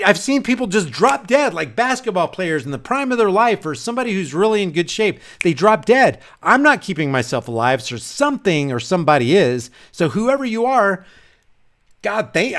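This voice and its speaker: Animated, high-voiced rambling male vlogger. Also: normal speed. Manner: rambling, animated, with frequent restarts. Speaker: channel host. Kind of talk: casual livestream rant.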